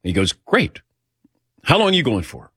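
A middle-aged man with a low voice tells a long personal story on a talk show. He rambles and acts out the quoted dialogue, recorded dry and close to the mic. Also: huge pitch swings, racing, a bit bright, breathy edge, dry recording.

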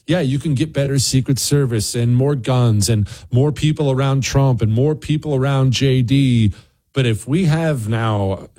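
A man at a middling pitch delivers a political commentary monologue. He rants with indignation and keeps pressing his point. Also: darkish tone, husky. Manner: ranting, indignant. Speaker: political talk show host.

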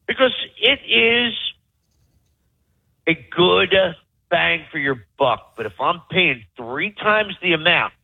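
A man's voice: a little high, breathy edge. A man on vacation at a resort, ranting angrily and profanely about it to his podcast co-hosts. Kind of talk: angry ranting review. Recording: tinny phone-like call audio.

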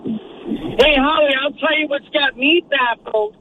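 A man's voice: very high voice, takes it slowly, slight background noise. A man calling in to a radio show, ranting in a mocking, insulting, emphatic way. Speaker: caller. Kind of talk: call-in rant. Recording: tinny phone line.

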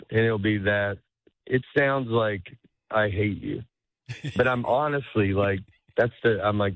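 A comedian talking as a guest in a casual interview, rambling and cutting himself off, laughing often. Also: male voice, fairly low pitch, normal speed, no echo. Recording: tinny phone-like line.

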